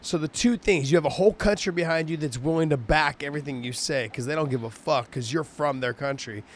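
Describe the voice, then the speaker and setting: A man's voice: on the high side, fast. A man who is a fighter co-hosting a casual talk show, rambling and restarting his phrases, swearing freely. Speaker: co-host, fighter. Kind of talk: casual chat.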